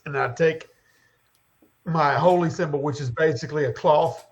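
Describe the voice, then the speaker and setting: A man's voice: fairly high pitch, moderate pace, pauses often, lo-fi sound. A man playing a tabletop game, dramatically describing his character's actions. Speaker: player.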